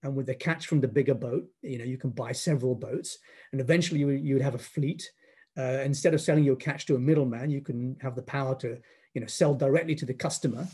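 A man's voice: mid-range voice, steady tone, quick pace, mellow, husky, close to an everyday voice. A man reading out the lines of a brash male American business consultant in a story he tells, with a pushy, salesman-like manner.

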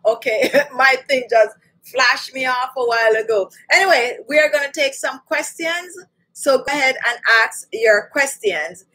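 A woman's voice: high voice, sharp tone, rough recording. A woman hosting a beauty channel, talking casually and directly to her viewers as she runs through home remedies and answers questions. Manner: chatty, repeats lists, addresses viewers directly. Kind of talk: casual live-stream skincare chat.

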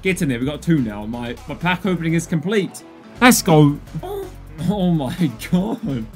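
An excitable young man commentates a game pack opening, his voice swinging from high yelps down to low grumbles. His tone sits slightly high, and faint music plays underneath. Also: measured pace. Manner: excitable, loud outbursts and groans, addresses viewers as lads. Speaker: gaming YouTuber.

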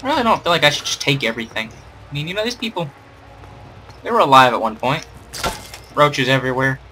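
A man's voice: mid-range voice, expressive, quick pace, pushed and bright, slight background noise. A young man doing playful, sarcastic game commentary, rambling and joking at the screen. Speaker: gamer doing a let's play.

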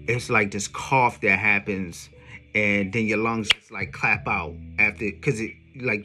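Bright-voiced man telling a story in slang. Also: lowish voice. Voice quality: streetwise slang with frequent "yo" and profanity. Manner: animated, emphatic retelling. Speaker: songwriter vlogger. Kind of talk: casual storytelling monologue.

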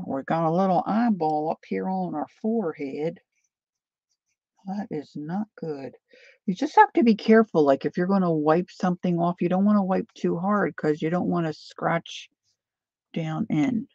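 Gravelly-voiced woman chatting through a painting lesson. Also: on the low side, unhurried, darkish tone, no echo, lo-fi sound. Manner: chatty, drifting into side stories while painting. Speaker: painting tutorial host. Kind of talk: casual painting demonstration.

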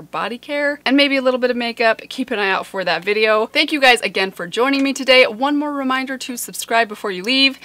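A woman's voice: a little high, a bit bright, no echo. A woman beauty vlogger chatting casually to camera in a friendly way, musing aloud as she talks.

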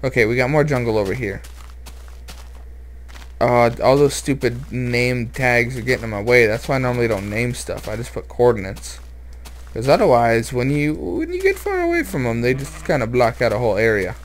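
A man's voice: medium pitch, big pitch swings, moderate pace, a little hiss or hum. A man commenting on his own game as he plays, rambling, joking and sounding a little nervous. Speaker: let's play host. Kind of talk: gameplay commentary.

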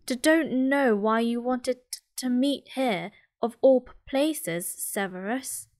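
A woman with a British accent voicing a nervous, stuttering male teacher in a soft whispered role-play. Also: extremely high pitch, slow pace. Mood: frightened. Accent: British English. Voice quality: stuttering, timid.

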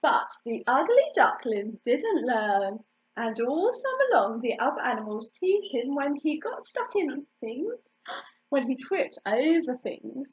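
A woman reading a children's picture book aloud in an expressive way, stopping to ask the listener questions. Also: sits high, slow. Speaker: storytime reader. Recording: dull lo-fi recording.

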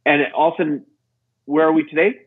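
Husky-voiced man on a tinny line. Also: fast. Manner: acts out quoted voices, lively pitch jumps. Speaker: guest. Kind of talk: animated storytelling.

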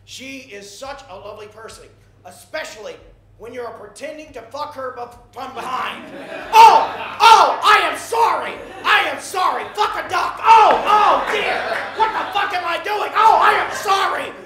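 A man's voice: very high-pitched, moderate pace, pushed and bright, roomy sound, a faint crowd, full character voice. A man playing a famous male movie star on a morning talk show who keeps blurting curses and then frantically apologizing. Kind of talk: sketch comedy impression.

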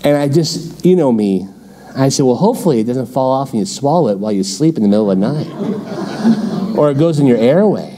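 A man's voice: medium pitch, fairly quick, background noise. A middle-aged man teaching a midweek Bible study as pastor, in a conversational, storytelling way. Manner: conversational, animated storytelling with laughs.

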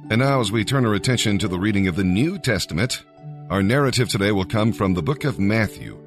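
Deep-voiced man reading scripture. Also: expressive. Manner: measured, earnest delivery. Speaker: Bible reader. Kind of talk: scripture reading with short devotional comments. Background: faint music.

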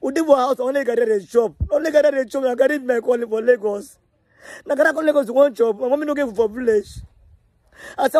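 A Nigerian man speaks in a very high, husky voice, tearful and distressed. He pleads and begs over and over at a quick pace, close and dry on the mic. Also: darkish tone, dry recording. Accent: Nigerian Pidgin-tinged English. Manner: pleading, distressed, repetitive begging. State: tearful, near crying. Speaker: vlogger telling his side. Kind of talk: emotional personal appeal.

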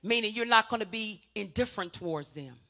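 Bright-voiced woman preaching. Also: medium pitch, animated, brisk. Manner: preaching with call-and-response urging; rises to loud emphatic peaks, then drops to a quiet teaching tone. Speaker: pastor. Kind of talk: sermon.

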